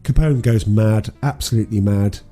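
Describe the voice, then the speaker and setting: A man's voice: on the low side, moderate pace, mellow, faint music behind. A man co-hosting a podcast, casually retelling a film plot with many ums and restarts. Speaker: podcast co-host. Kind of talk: casual film recap chat.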